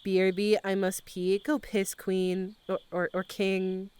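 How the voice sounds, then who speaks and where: A woman's voice: mid-range voice, flat delivery, unhurried, darkish tone, clear, resonant tone. A young adult woman streamer chatting casually with her live chat, using lots of slang and laughing often.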